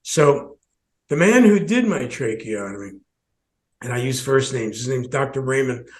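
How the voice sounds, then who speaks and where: A man's voice: mid-range voice, animated, a little slow, darkish tone. A man who hosts a podcast, telling a personal story with many restarts and short laughs. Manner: rambling, many restarts, laughs between phrases. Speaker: podcast host.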